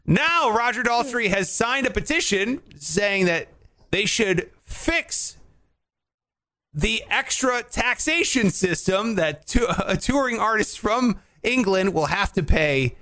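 A man co-hosting a casual chat show, talking in an animated, profane, mocking way. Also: sits high, takes it slowly. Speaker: podcast co-host.

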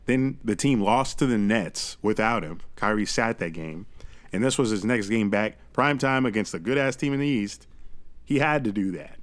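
A man co-hosting a podcast, chatting casually about basketball, animated and swearing freely. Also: on the low side, moderate pace, no echo. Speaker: podcast co-host. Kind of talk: casual sports chat.

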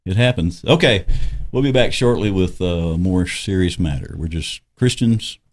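Deep-voiced chuckling podcast host. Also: male voice, normal speed. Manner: chuckling, rambling, homespun. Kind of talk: casual chat.

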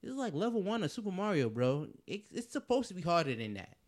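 A man co-hosting a podcast, talking in an excitable, profane, slang-filled casual chat. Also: sits high, fast talker. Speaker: podcast co-host.

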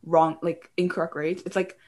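A woman's voice: fairly low pitch, little pitch movement, normal speed, darkish tone. A young woman co-hosting a podcast, telling stories about her family in casual chat. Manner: chatty storyteller, quoting family. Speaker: podcast co-host.

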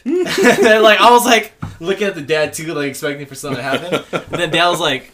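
A young man co-hosting a casual podcast, telling animated stories full of fillers and mimicking people. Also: brisk, over a noisy crowd. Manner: animated, mimics people in shrill high voices; lots of fillers like "like" and "freaking". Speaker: podcast co-host. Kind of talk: casual chat, storytelling.

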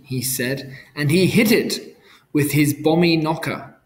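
A man reading a children's story aloud, clearly and carefully, as a storyteller. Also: on the high side, measured pace.

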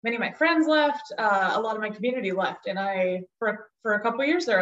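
A woman's voice: mid-range voice, a little fast, far from the mic. Woman from south dakota, guest on a podcast, lots of ums, dull echoey sound. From South Dakota, USA. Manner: warm, grateful, frequent ums. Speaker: guest, nonprofit director. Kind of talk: casual interview.

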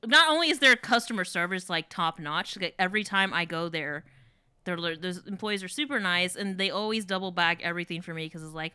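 Bright, crisp-voiced woman chatting. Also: lowish voice, brisk, no room sound. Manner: chatty, laughs often, many "like" fillers. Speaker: podcast guest. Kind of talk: casual chat.

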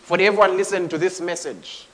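A man preaching a sermon with passion, moving from hushed tones to shouting and at times speaking in tongues. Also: high-pitched, steady tone, fairly quick, in a large hall. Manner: impassioned, swings between hushed and shouting.

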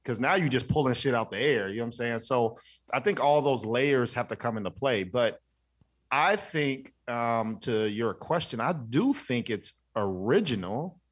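A man's voice: medium pitch, expressive, normal speed, breathy edge. A man co-hosting a podcast, laying out his opinions point by point in casual chat. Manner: thoughtful, explains point by point. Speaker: podcast co-host.

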